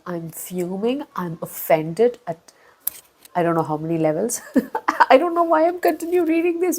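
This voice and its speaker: A woman reviewing a book in a casual vlog, talking in a chatty, expressive way with big swings in pitch and loudness. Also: low-quality recording. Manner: chatty, with frequent fillers and restarts.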